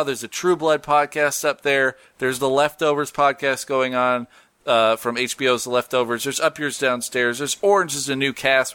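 Jokey podcast host with a bright voice. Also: male voice, medium pitch, clean tone, no room sound. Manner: jokey, laughs often, reads listener posts and plugs. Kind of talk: casual podcast chat.

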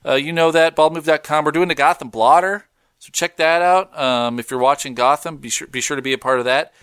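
A man's voice: on the high side, a little fast, smooth, dry recording, studio quality. A man co-hosting a podcast, bantering casually and laughing easily. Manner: animated, joking, laughs easily. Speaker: podcast co-host.

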